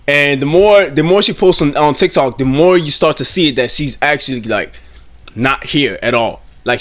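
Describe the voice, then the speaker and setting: A man's voice: a little high, fairly bright tone. A man giving blunt, indignant reaction commentary, swearing freely and often repeating himself mid-sentence. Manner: repeats and restarts phrases often.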